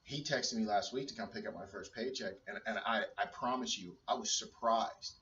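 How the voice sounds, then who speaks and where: Man in his thirties, personal video blog, earnest and rambling, lowish voice, dull roomy recording. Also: moderate pace, pushed and bright. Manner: earnest, rambling, many restarts and fillers. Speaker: personal trainer and stay-at-home dad. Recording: roomy, dull sound from a distance.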